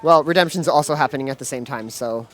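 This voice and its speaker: A man doing live play-by-play commentary at a gaming event, excitable and full of fillers and restarts. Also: mid-range voice, fast talker, soft background music. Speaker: esports commentator.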